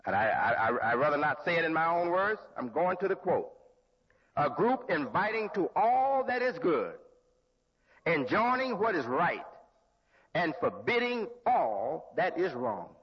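A man preaching a sermon as a religious leader, slow and deliberate, with pauses and restarts. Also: on the high side, big pitch swings, slightly rough. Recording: lo-fi hall recording with long reverb.

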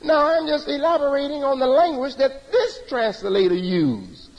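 A man's voice: very high voice, very animated, normal speed, in a large hall, lo-fi sound. A man giving a sermon-style religious lecture, emphatic and repetitive in his preaching cadence. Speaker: religious teacher.

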